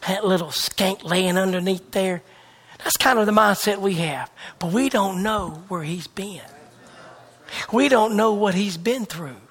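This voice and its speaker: A man delivering a sermon in a high, bright voice. He drives his points home through repeated phrases. He swings between loud, fervent bursts and near-whispered hushes. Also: measured pace, breathy edge. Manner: repetitive, emphatic preaching cadence. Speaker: preacher.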